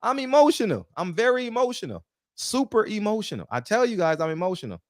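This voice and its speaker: A man's voice: sits high, very animated, fast, dry recording, studio quality. A man hosting a live call-in show, talking brash, profane and amped up in casual chat.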